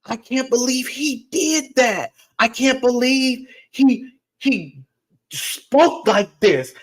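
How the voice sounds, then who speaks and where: A man's voice: very high-pitched, animated, slow, pitched above the performer's own voice, heavily acted. A man voicing a scandalized, gossiping churchgoer in exaggerated disbelief.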